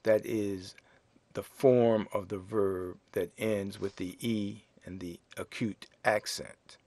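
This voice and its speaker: A man teaching a French lesson in English, explaining grammar slowly and spelling out words letter by letter. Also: fairly low pitch, steady tone, darkish tone, no room sound. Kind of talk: slow classroom explanation.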